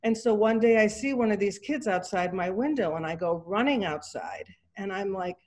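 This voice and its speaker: A woman's voice: medium pitch, moderate pace, hardly any pauses, a little mellow. Chatty middle-aged woman telling a story. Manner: chatty, acts out quoted dialogue, many fillers and restarts. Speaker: artist giving a talk. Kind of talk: casual anecdotal storytelling. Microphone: video call.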